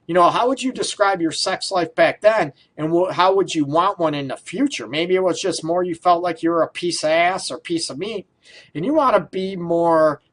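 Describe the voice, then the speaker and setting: A man's voice: a little high, fairly bright tone. A man hosting a relationship radio show, talking casually in a rambling way, full of fillers and frequent laughter. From Detroit area.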